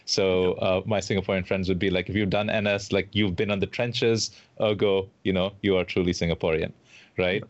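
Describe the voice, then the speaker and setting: A male interviewer talking casually and relaxed, with short agreeing replies. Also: low voice, a little fast. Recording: dull lo-fi sound.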